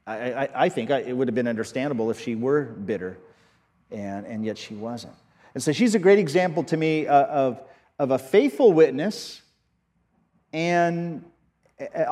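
A man preaching a sermon as pastor, earnest and halting, often restarting his sentences. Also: a little high, a little mellow, big-room sound.

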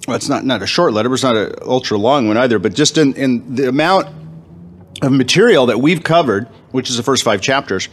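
A man's voice: mid-range voice, animated. A man leading a men's Bible study, talking casually with lots of fillers, restarts and wry humor, at times while eating. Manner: halting, many fillers and restarts, self-deprecating humor. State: eating, talking with food in his mouth.

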